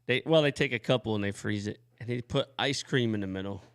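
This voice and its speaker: A man co-hosting a casual podcast, excitable and slangy, laughing between his lines. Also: lowish voice, fast, clear, resonant tone. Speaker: co-host. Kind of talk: casual chat.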